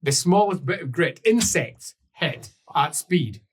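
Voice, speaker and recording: A man narrating a tabletop role-playing game as game master, in an animated way with laughs and sound effects. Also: on the high side, a little slow, a little hiss or hum.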